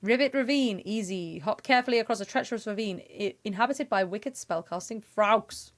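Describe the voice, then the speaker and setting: A woman's voice: medium pitch, brisk, hardly any pauses. A young woman chatting casually with her viewers while she plays a game, giggling and humming little sound effects. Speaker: game streamer. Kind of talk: casual live-stream chat.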